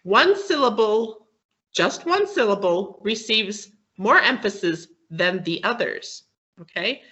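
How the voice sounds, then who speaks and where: A woman with a medium-pitched, animated and slightly bright voice speaks slowly as a guest teacher on a video call. She patiently walks students through English word stress step by step, often checking "okay?", though the call audio is dull and lo-fi.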